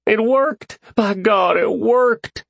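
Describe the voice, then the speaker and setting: A man's voice: lively intonation, normal speed, husky, dry recording. A man voicing an overjoyed father leaving a phone message, his voice choked and exhilarated. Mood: elated. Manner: choked, exhilarated voice, high and strained.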